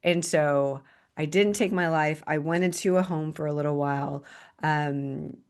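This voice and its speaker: Low-voiced woman sharing her testimony. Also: darkish tone, smooth. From Texas, United States. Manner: earnest, slow and reflective, with frequent restarts. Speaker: podcast host. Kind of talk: personal testimony monologue.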